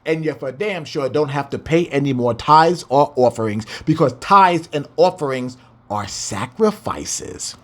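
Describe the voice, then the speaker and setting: A man teaching from the Bible. He reads scripture slowly and drawn out, then breaks into blunt, profane, slangy commentary. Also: a little high, a bit bright. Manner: blunt, profane, slangy asides between slow, drawn-out readings.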